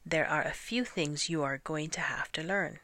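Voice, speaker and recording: A woman's voice: low voice, normal speed, pushed and bright, dry recording. A woman reading a storybook aloud and voicing a pompous, fussy male lord who insists on his own words for things.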